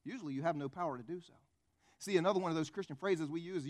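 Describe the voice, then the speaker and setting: High-voiced preacher. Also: male voice, rapid-fire. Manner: conversational, rhetorical questions, acted-out stories. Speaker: pastor. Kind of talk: sermon.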